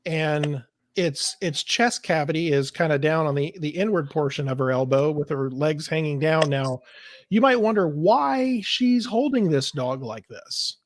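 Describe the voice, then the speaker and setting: A man's voice: fairly high pitch, measured pace, no room sound. Dry-sounding man hosting a casual chat. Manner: laughs easily, loose rambling talk with fillers. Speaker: podcast host. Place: indoors while traveling, video call setup.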